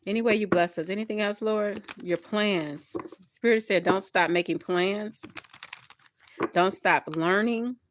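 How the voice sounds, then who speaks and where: A woman reads tarot cards for her viewers as a spiritual pep talk. She speaks at an ordinary pitch and repeats her phrases for encouragement, and the sound is dry and close with no room around her. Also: a bit bright, dry recording. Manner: repetitive, encouraging, addresses viewers as y'all. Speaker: tarot reader.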